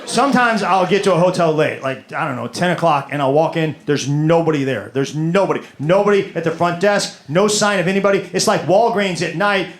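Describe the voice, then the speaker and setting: A man's voice: fairly high pitch, brisk, few pauses. A man doing a stand-up comedy set, rambling and exasperated, repeating his words as he rants. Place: comedy stage with live audience. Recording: roomy club with audience noise.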